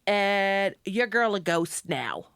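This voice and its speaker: A woman co-host recaps a book with animated, laugh-filled storytelling and casual swearing. Her voice sits at an ordinary middle pitch. The sound is close and dry, with no room in it. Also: slow pace, creaky, clear, resonant tone, no room sound. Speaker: podcast co-host.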